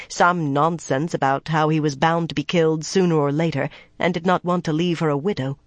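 An audiobook narrator reading a fantasy novel in a measured, even storytelling voice. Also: mid-range voice, no room sound. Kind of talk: scripted narration.

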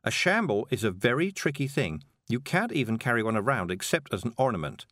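A man's voice: mid-range voice, big pitch swings, brisk, fairly bright tone, no echo, studio quality. A man voicing a kindly middle-aged witch woman, cheerful and rambling in a soothing manner, in an audiobook.

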